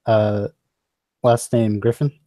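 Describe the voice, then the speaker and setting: A man voicing an eccentric male researcher who recruits adventurers, speaking in hesitant, halting bursts. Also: fairly low pitch, little pitch movement, dark tone, no room sound. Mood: eager.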